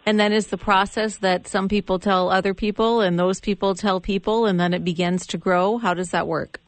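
A woman hosting an interview, asking gentle, affirming questions. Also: mid-range voice, steady tone, normal speed, dry recording. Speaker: interview host.

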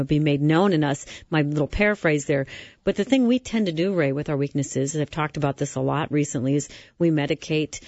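A woman's voice: deep voice, a little mellow, no echo, muffled recording. A woman hosting a Christian radio interview, affirming her guest and reflecting before asking follow-up questions. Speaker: radio talk show host.

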